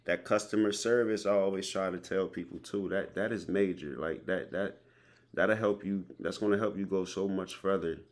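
A man's voice: sits low, steady tone, moderate pace. A man hosting a podcast, talking in a loose, slangy way and telling stories with repeated words. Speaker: podcast host. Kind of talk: casual conversation.

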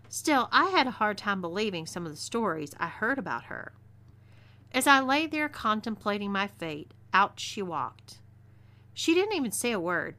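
A woman with a natural Texan twang narrates a western story in the first person. Her delivery is expressive and scripted. Her voice is bright and forceful. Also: mid-range voice. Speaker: narrator, audio story reader.

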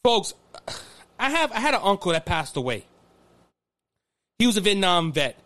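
A Louisiana man with a Cajun accent and a strikingly high, bright, tense voice, hosting his own political commentary show. He speaks with raw emotion, climbing to near-shouting, repeating himself and tripping over words as he presses his points. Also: big pitch swings, normal speed. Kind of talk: impassioned political monologue.

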